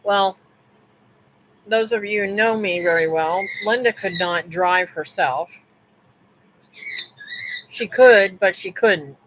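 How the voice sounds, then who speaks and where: A woman's voice: fairly low pitch, measured pace, background noise. A woman hosting a live stream, telling a personal story in a casual, rambling way with restarts, asides to viewers and religious remarks.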